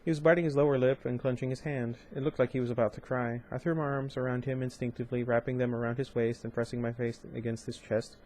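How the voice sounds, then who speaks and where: A young man, an audiobook reader and channel host, reads a novel aloud in a medium-pitched, flat, slightly mellow voice, moving quickly with barely any pauses over a faint hiss or hum. It's an amateur reading where he drifts into casual, chatty commentary full of fillers and restarts.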